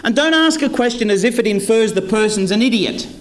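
A man's voice: sits high, animated, brisk. A middle-aged Australian man giving a humorous sales-training talk to a live audience, acting out little scenes between salesperson and prospect.

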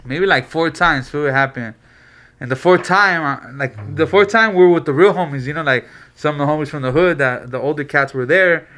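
A man's voice: a little high, fairly quick. A man on a podcast telling a long story in casual street slang, acting out what people said. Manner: animated slangy storyteller, acts out quotes. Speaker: podcast co-host.

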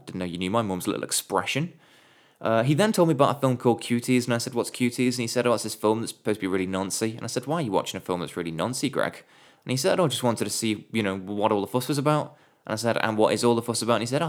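A man who blogs about movies, telling comic stories in a sardonic, sweary way and putting on quick voices for the people he quotes. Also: lowish voice. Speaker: movie blogger. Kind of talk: comedic storytelling monologue.

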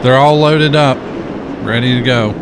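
A man improvising a game role-play in a relaxed, plain voice, playing along. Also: medium pitch, moderate pace, noisy background. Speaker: player roleplaying a character.

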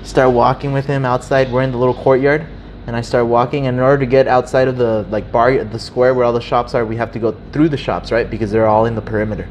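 A young man casually telling a story, animated and swearing freely, acting out the people in it. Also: mid-range voice, fast, slight background noise. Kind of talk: casual chat.

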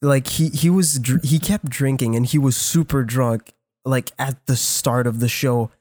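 A man's voice: mid-range voice, steady tone, unhurried, darkish tone, dry recording, studio quality. A young man telling a rambling, profane story in casual podcast chat. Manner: rambling, profane, laughs while telling stories. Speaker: podcast co-host.

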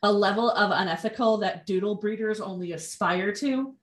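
A woman's voice: medium pitch, moderate pace. Casting: dry, sarcastic woman host, echoey room. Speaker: podcast host. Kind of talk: casual podcast chat. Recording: roomy echo.

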